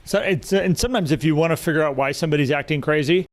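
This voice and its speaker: A man's voice: fairly high pitch, quick pace. A man co-hosting a live podcast, speaking reflectively as a parent. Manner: reflective, talks about being a parent. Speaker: podcast co-host.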